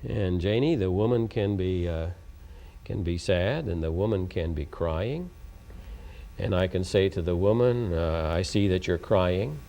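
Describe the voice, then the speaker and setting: A man's voice: low-pitched, a little slow, dark tone. A man from Oklahoma giving a taped educational lecture on communication. He is emphatic, repeats his points and asks rhetorical questions. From Oklahoma, USA.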